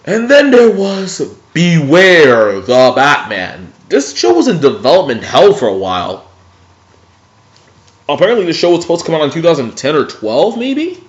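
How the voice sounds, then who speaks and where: A young man ranting casually about TV cartoons in a dim room at home, animated and profane. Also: a little high, normal speed. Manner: animated, profane, jumps between mocking impressions. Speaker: video blogger. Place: dimly lit room at home. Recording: dull, lo-fi home recording.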